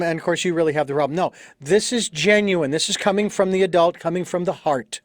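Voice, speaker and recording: A man's voice: a little high, a little fast, hardly any pauses, dry recording, studio quality. A man hosting an interview, asking questions in a careful, hesitant way. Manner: careful, hesitant phrasing with restarts. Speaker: podcast host.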